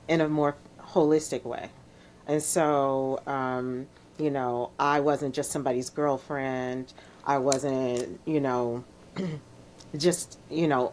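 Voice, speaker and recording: A middle-aged woman from Chicago, a DJ guest telling her story in a soft-spoken, reflective way with frequent laughs. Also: low voice, a little hiss or hum. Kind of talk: relaxed storytelling interview.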